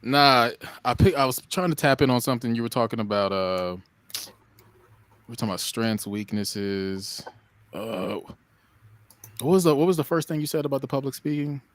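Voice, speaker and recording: A man's voice: mid-range voice, moderate pace, fairly bright tone. A man co-hosting a podcast, musing aloud in a rambling way, full of fillers and restarts. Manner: reflective, self-aware musing. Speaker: podcast co-host. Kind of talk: casual podcast chat.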